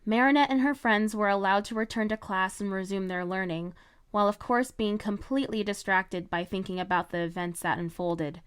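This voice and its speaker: A woman narrating her own fan-written story in a measured, even storytelling voice. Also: mid-range voice, clean tone. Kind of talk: fan fiction read-aloud narration.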